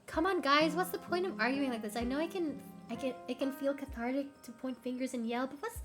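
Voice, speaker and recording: A woman voicing a calm young woman in a game who speaks softly and tries to calm an argument. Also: sits high, fairly quick, music in the background, close to an everyday voice. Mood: soothing. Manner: soft, placating.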